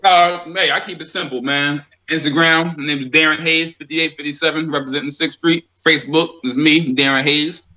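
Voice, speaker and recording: A man's voice: a little high, steady tone, fairly quick, few pauses, bright, forceful tone, highs cut off. A man talking casually as a guest on a podcast, a laid-back storyteller who laughs often.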